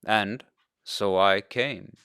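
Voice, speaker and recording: A man voicing a kind, strong father in a storybook reading, speaking softly and calmly. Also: medium pitch, slow pace, no echo, studio quality, heavily acted. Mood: gentle. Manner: soft, calm and reassuring.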